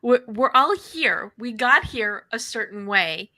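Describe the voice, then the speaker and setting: A woman's voice: a little high, expressive, takes it slowly, bright, forceful tone. A woman hosting a live panel show, enthusiastic as she guides her guests with questions. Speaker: host.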